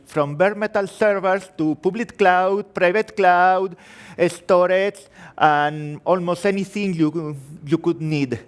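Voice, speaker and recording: A man with a Spanish and French-tinged accent gives a tech conference talk in a fairly high voice. He is chatty and self-deprecating, often restarting a phrase midway. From Spain. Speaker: conference speaker. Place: conference hall.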